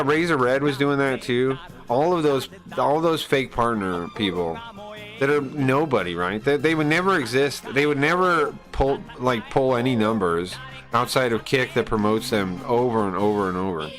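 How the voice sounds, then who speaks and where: A man's voice: medium pitch, fairly bright tone, rough recording. A man on a live stream ranting casually. He swears a lot, sounds aggrieved and rambles with restarts.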